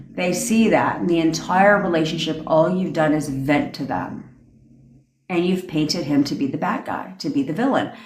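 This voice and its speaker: A woman coaching manifestation in a livestream rant, blunt and full of swearing as she lectures her viewers. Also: low-pitched. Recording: roomy echo.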